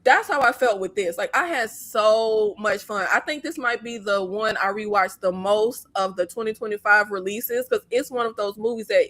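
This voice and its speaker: A woman hosting a casual movie review chat, blunt and profane, talking in an animated way. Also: medium pitch, normal speed, few pauses. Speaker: host.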